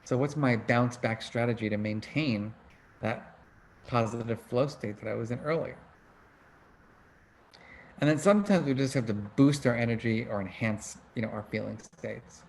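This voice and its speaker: A man's voice: medium pitch, normal speed, a little mellow, slight background noise. Man hosting an online book club talk. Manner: casual, conversational, asks the audience questions. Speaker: book club host and emotion researcher. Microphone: video call.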